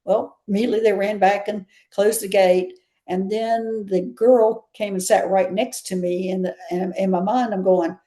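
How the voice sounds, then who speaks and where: A woman's voice: medium pitch, steady tone, moderate pace, few pauses, warm tone. A woman with a Southern US accent, a guest chatting and telling stories in an interview, often laughing. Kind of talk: casual interview storytelling.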